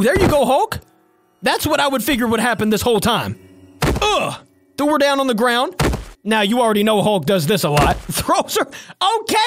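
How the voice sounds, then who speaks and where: A gaming reaction host who exclaims excitedly at the action on screen. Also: medium pitch. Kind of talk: reaction video commentary.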